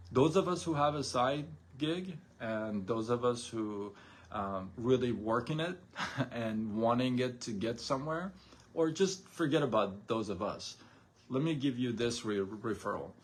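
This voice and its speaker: A man talks to his live-stream audience in a loose, motivational way. He keeps asking rhetorical questions and acts out little quoted exchanges. His voice sits in an ordinary middle pitch. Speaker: host of a daily live stream on side gigs. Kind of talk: casual motivational talk.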